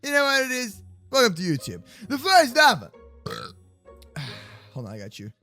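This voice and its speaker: A young man narrates a goofy Minecraft role-play from his bedroom, his high voice swinging wildly up and down. He jokes constantly and breaks into yells. The tone is bright and sharp. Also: wildly swooping pitch, moderate pace, faint music behind. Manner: hyper, jokey, often yelling. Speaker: gaming YouTuber. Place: home bedroom.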